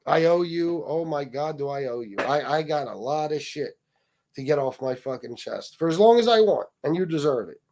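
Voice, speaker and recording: A man's voice: a little high, animated, normal speed, darkish tone, a little hiss or hum. Mocking, foul-mouthed man ranting. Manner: mocking, swearing, addresses viewers directly. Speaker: livestream host. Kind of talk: casual profane rant.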